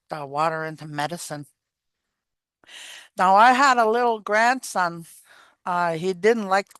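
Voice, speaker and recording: Gentle older woman telling stories. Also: lowish voice, smooth, no room sound. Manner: gentle, unhurried, repeats phrases. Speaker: elder and storyteller. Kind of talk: spoken teaching and storytelling.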